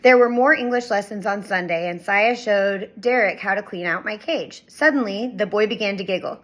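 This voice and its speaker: A woman reading a children's chapter book aloud with expressive storytelling. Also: medium pitch, moderate pace, low-quality recording. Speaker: reader.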